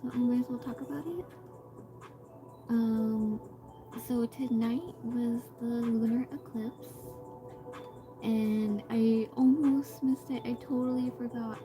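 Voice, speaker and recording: Drawing on a live stream, a woman talks slowly in a fairly high, steady voice, with background music playing and poor audio. Her chat is casual and rambling, full of fillers and restarts. Now and then she greets viewers.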